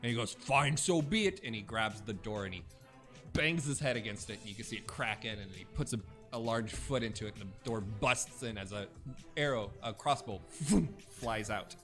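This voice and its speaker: A young man with a lowish voice runs a tabletop game, narrating scenes in a halting way. He stops often on fillers as he describes the action. Faint music plays behind him. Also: fairly bright tone. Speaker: game master.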